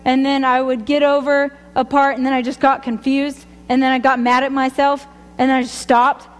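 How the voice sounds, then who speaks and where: A woman's voice: high voice, level tone, normal speed, clear, resonant tone, in a large hall. A woman sharing a personal faith testimony, rambling and chatty, often laughing at herself. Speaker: speaker giving a testimony.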